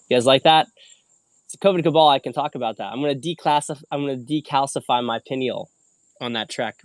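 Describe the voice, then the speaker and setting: A man's voice: mid-range voice, smooth, no echo. A young man hosting a casual solo video, chatting about an upcoming trek and then teaching a wine lesson, a little tired and rambling with many restarts. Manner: rambling, self-correcting, conversational teaching. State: a little tired after a long hike. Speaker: host.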